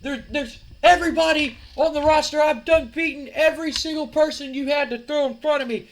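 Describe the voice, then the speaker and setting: A man voicing a furious male wrestler who yells threats and challenges. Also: very high-pitched, brisk, voice pushed up. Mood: angry shouting. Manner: yelling, threatening, heated.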